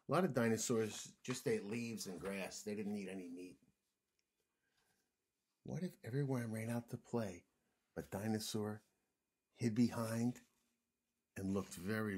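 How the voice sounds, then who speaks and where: A man reading a picture book aloud to young children, gentle and expressive, sometimes dropping to a whisper. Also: on the low side, a little slow, long pauses, breathy edge.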